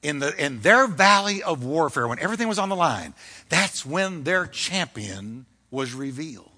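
A male pastor delivering a fiery, emphatic sermon, swinging between loud declarations and hushed lines. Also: on the high side, big pitch swings, moderate pace. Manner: fiery, emphatic preaching with dramatic shifts.

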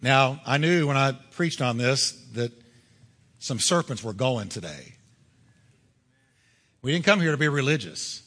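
A man preaching a sermon as pastor, with emphatic delivery that builds to forceful peaks. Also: mid-range voice. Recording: long hall reverb.

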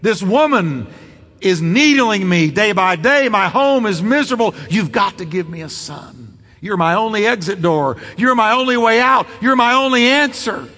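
A desperate woman cries out in repeated pleas for a son, as a male preacher voices her in his sermon. The voice sits high and swings widely. A long church-hall echo follows each line. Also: animated, normal speed, pushed and bright, full character voice. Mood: pleading. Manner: pleading, repetitive cries.

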